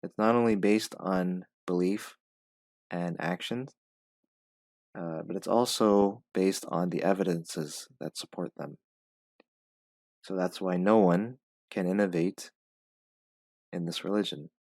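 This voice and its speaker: Deep-voiced man teaching pronunciation. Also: slow pace, long pauses, a little mellow, no room sound. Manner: reads a passage aloud, stopping to repeat and break down words. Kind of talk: reading lesson with explanations.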